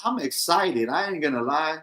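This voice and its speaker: A man's voice: a little high, animated, normal speed, bright, forceful tone, poor audio. A man in his late forties co-hosting a casual chat, speaking in a laid-back, streetwise, profane way. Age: 40s. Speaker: podcast co-host.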